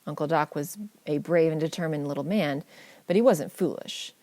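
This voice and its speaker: A woman narrating a family memoir audiobook in a measured, gently wry storytelling manner. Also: sits low, no room sound.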